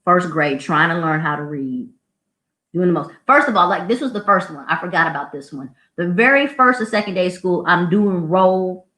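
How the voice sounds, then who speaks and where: A woman who works as a school administrator, hosting a casual show and telling stories in a snarky, animated way. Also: fairly low pitch, normal speed. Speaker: podcast host, school administrator. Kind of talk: casual storytelling. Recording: roomy echo.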